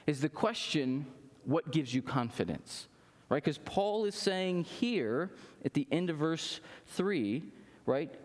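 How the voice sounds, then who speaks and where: Man preaching a sermon in a reverberant hall. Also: sits high. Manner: varied emphatic delivery, rhetorical "right?" asides. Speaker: pastor. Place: church sanctuary with congregation.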